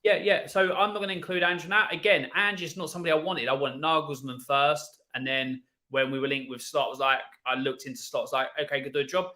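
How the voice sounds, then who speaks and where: A man's voice: on the high side, steady tone, fast, few pauses, sharp tone. A man on a football stream panel, giving frank, opinionated takes and often repeating his words as he goes. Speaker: panel guest, Spurs fan. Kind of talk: casual football stream chat.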